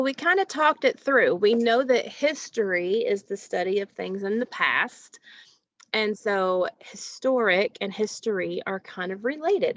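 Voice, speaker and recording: A woman teacher giving a recorded phonics lesson to children, asking questions and pausing patiently for answers. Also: medium pitch, dry recording, muffled recording. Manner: slow, patient, asks questions and pauses for answers.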